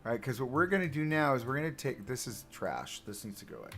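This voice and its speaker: Over faint music, a male streamer narrates his game build to viewers in a quick, sing-song way, his medium-pitched voice fairly bright. It's loose, chatty commentary aimed at his chat, full of jokes about himself.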